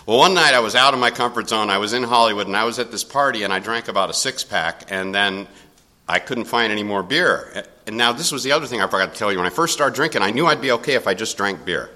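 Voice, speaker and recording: An older man telling a personal story in a casual, animated way, chuckling often. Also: on the low side, fast talker.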